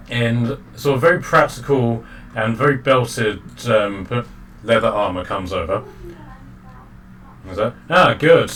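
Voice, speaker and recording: A man's voice: medium pitch, a bit bright. A man narrating a tabletop game as dungeon master, rambling with many ums and restarts. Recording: distant mic with faint noise.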